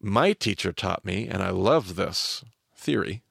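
A man's voice: low-pitched, expressive, a little slow, gravelly, a bit bright, breathy edge, no echo, studio quality. A man who hosts a podcast and teaches by vivid storytelling. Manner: vivid storyteller, voices the crowd's chants.

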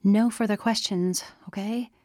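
Woman doing a desperate stubborn teen girl, argues hard, slow delivery, dry sound. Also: medium pitch, fairly even intonation, dry recording, voice pushed up, lightly acted. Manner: insistent, argumentative, rising to yells. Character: stubborn, desperate teenage girl debate champion.

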